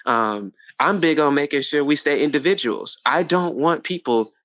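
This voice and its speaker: A man hosting a podcast, chatting casually and telling stories with lively quoted voices. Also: a little high, moderate pace, dry recording. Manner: animated storyteller, quotes others in lively voices. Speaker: podcast host.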